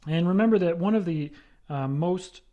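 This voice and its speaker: A man's voice: high voice, moderate pace, highs cut off. A man lecturing on math, explaining step by step and checking in often with "right?". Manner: explanatory, repeats with "right?" and fillers.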